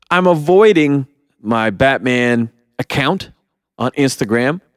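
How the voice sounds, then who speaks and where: A man's voice: medium pitch, animated, takes it slowly, no room sound, clean studio sound. A young man co-hosting a casual movie review podcast, ranting with lots of swearing and mocking the people he quotes. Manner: profane, heated ranting with mocking quoted voices. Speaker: podcast co-host.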